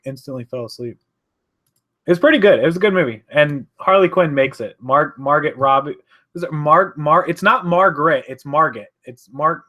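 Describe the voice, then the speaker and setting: A man's voice: fairly high pitch, pushed and bright. Chatty man rambling on a live stream. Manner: rambling, chatty, self-correcting. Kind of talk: casual live-stream chat, reading viewer comments. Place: home office.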